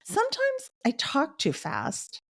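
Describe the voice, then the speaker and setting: A woman's voice: sits high, wildly swooping pitch, takes it slowly, a bit bright, no echo, studio quality. A middle-aged woman hosting a podcast, giving advice and telling personal stories earnestly. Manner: earnest storytelling, with the odd laugh. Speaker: podcast host.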